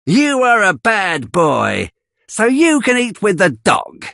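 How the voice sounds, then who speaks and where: A man voicing a mean, harsh woman in a storybook reading, scolding with a husky edge. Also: wildly swooping pitch, takes it slowly, sharp tone, dry recording, clean studio sound, exaggerated voice. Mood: cold. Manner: scolding, shrill and cold. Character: mean, harsh middle-aged woman, stepmother figure.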